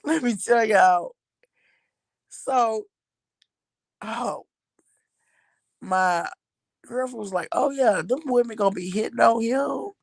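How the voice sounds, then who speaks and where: A woman's voice: a little high, takes it slowly, vocal fry, pauses often, no echo. A middle-aged woman from Texas, a mother telling viewers a story about her son in a casual, chatty way, laughing often and using slang. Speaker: mother talking about her son's new job.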